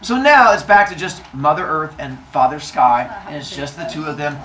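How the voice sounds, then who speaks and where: A man's voice: a little high, lively intonation, normal speed, background noise. A man teaching a class of children, retelling a myth in a playful, jokey way with silly sound effects. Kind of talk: storytelling lesson to children.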